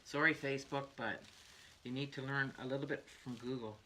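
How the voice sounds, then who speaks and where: Chatty older woman, low and bright. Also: fairly even intonation, a little fast, slight background noise. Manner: chatty, laughs often, trails off into asides. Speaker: craft livestream host. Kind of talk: rambling casual chat.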